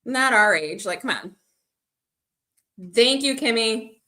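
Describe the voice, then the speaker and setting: A woman's voice: on the high side, lively intonation, takes it slowly, sharp tone. A woman livestreaming to her viewers, chatting casually and rambling between stories and replies to comments. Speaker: livestreaming vlogger. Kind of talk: casual live-stream chat.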